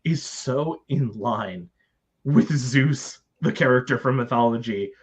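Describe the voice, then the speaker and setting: A man's voice: mid-range voice, slow, husky. A man co-hosting a live stream movie discussion, talking enthusiastically and rambling with many fillers. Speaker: podcast co-host.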